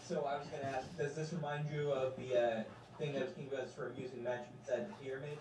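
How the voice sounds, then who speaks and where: A man's voice: mid-range voice, flat delivery, fast, noisy background. Rambling man player in an echoey room. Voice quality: rambling, sweary. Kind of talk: tabletop role-play chat. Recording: roomy, distant mic.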